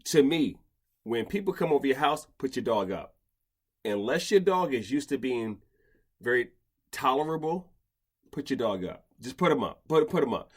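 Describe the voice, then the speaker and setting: A man's voice: mid-range voice, lively intonation, normal speed, husky. A man hosting a casual podcast chat, talking in rambling bursts with many restarts and stammers. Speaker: podcast host, dog behavior expert.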